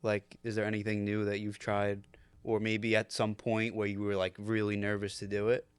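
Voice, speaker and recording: A man's voice: fairly low pitch, monotone, normal speed, clean tone, dry recording. A young man co-hosting a podcast in casual chat, laid-back and offering friendly advice. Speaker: podcast co-host.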